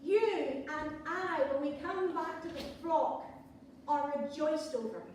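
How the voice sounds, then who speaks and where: Woman preacher, high voice, chatty sermon with jokes; distant mic, very echoey church. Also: slow, darkish tone, slight background noise. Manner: conversational with playful asides. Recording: echoey church hall from far off.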